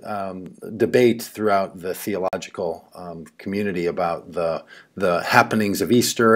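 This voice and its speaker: A man hosting an interview over a video call, earnest and lively, with many fillers and restarts. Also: sits low. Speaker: host. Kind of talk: casual interview. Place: home or office in a city.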